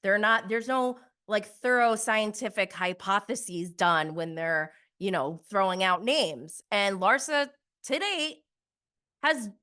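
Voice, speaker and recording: A woman's voice: medium pitch, takes it slowly, bright, forceful tone, clear, resonant tone. A young adult woman giving a casual, gossipy recap of a reality show, laughing often and acting out contestants' lines.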